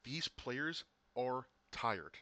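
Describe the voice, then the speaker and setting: A man casting an esports match, excitable, often repeating and restarting words, his voice getting worn. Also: medium pitch, extremely slow, no echo. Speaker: esports caster. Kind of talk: casual esports commentary.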